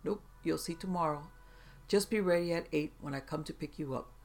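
A cheerful, playful young man who teases his girlfriend and seems to grin as he talks, read out by a narrator. His voice is a little gravelly, pitched in the middle range, and his lines belong to a spoken storybook. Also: a little fast, lightly acted. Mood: teasing. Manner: teasing, lightly grinning.

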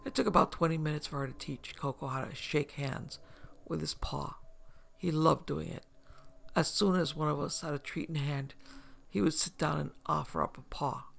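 A man telling a first-person story in a soft, measured voice that turns hushed at times. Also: a little high, creaky. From upstate New York. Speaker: narrator.

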